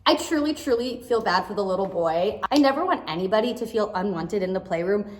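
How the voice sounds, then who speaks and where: A woman in her thirties, a playroom business owner, telling a storytime vlog at her desk in a chatty, expressive way. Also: mid-range voice, a little fast. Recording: echoey indoor room.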